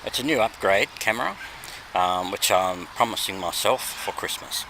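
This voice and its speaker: A man with an Australian accent, hoarse and losing his voice, chatting in a rambling vlog with many ums and little laughs. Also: lowish voice, animated, normal speed. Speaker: vlogger. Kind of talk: casual vlog chat. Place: walking outdoors. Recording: outdoor background noise.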